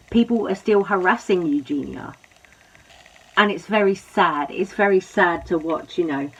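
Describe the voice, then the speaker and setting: A woman's voice: on the low side, slightly rough. A woman hosting a commentary video, speaking sympathetically and rambling with many "you know" fillers. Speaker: commentary host. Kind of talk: commentary talk. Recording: dull lo-fi audio.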